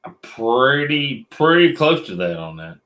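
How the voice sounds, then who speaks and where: A man's voice: medium pitch, very animated, measured pace, fairly bright tone. A man co-hosting a casual late-night livestream, joking and drawling in Southern style. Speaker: livestream co-host. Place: metal shop.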